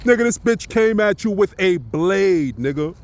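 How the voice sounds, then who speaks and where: A man's voice: high voice, animated, a little slow. A man from Brooklyn, delivering a profane, mocking roast rant and repeatedly asking "you know what I'm saying". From Brooklyn, New York. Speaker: vlogger.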